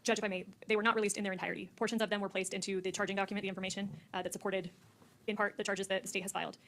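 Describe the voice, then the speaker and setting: A woman's voice: mid-range voice, little pitch movement, racing, a bit bright. A woman prosecutor arguing formally in court, heard from a courtroom feed. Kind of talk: courtroom argument.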